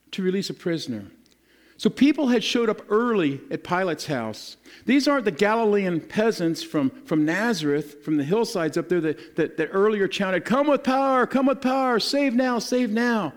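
A male pastor preaching a sermon, retelling scripture in a lively, casual storytelling way and acting out the people in it. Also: sits high.

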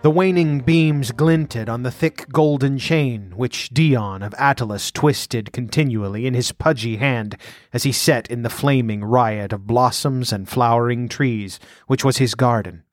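Guy reading a fantasy audiobook, steady and measured, middle pitch, dead dry audio. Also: no echo. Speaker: audiobook narrator. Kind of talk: scripted narration of a pulp fantasy story.

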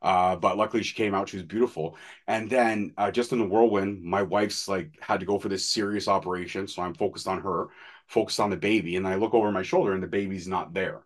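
A man's voice: low-pitched, fairly even intonation, a little fast. A man in his thirties, a podcast co-host, telling personal stories in candid, profane, casual chat. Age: 30s.

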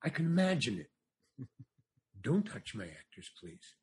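A man putting on the voice of an older male film director, slow, clipped and stern. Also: fairly high pitch, very animated.

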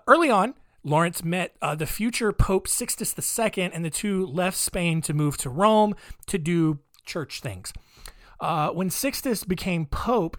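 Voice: mid-range voice, a bit bright, dry recording. Podcast host riffing on old saint stories, sarcastic and rambly, uh's everywhere, dead dry room. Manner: sarcastic, rambling, many fillers. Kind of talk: comic retelling of saint stories.

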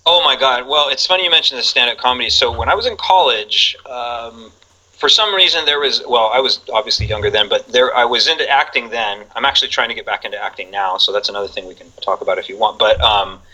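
A man's voice: mid-range voice, quick pace, sharp tone, low-quality recording. A man in his forties, a guest on a casual chat show, rambling and laughing often between many fillers. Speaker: podcast guest.

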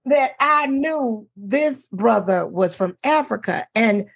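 A middle-aged woman co-hosting a talk show, telling a dating story in casual chat, animated and laughing as she quotes the men. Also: high-pitched, takes it slowly, vocal fry, husky.

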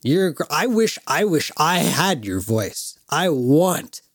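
A drunk, aggressively friendly party guy, put on by a man telling a story, gushing with too much familiarity. His pitch swings widely from line to line, and the recording is dry and close. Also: very animated, slow, no echo, exaggerated voice.

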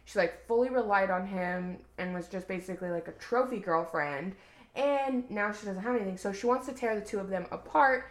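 Woman, podcast co-host, casual rambling recap, middle-pitched voice, roomy echo. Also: brisk. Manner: chatty, rambling, heavy use of "like". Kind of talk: casual chat recapping a book.

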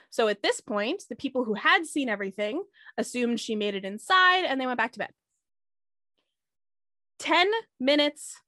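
A woman hosting a podcast, telling a true crime story in a casual, animated way with quick asides to her co-hosts. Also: medium pitch, dry recording.

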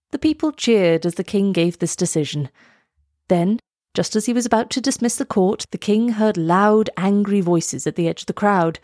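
A woman reading a children's storybook aloud in a measured, expressive way. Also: mid-range voice, no room sound, clean studio sound.

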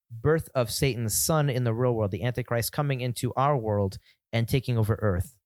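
A man's voice: medium pitch, no echo. Male co-host, easygoing explainer, laughs easily, dry close recording. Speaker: podcast co-host. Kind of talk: casual podcast chat and plot summary.

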